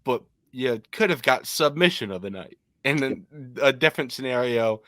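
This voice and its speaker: Young male podcast co-host, animated and opinionated, mid-pitched voice, dry close mic. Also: moderate pace, no echo. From Michigan. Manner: animated, opinionated, frequent ums. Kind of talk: casual podcast chat.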